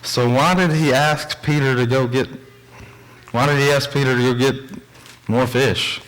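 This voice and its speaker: A young man gives a church sermon in a plain, mid-pitched voice. He talks in an earnest, conversational way and drifts into storytelling asides between readings of scripture. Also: fairly even intonation, measured pace, a bit bright, low-quality recording. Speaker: preacher.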